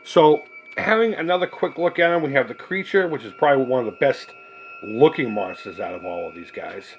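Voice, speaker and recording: A man's voice: mid-range voice, animated, fairly quick, slight background noise, rough recording. A man in his forties hosting a casual unboxing video, rambling and swearing freely with a joking, laughing manner. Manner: rambling, profane and jokey, with laughs. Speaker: collectibles video host.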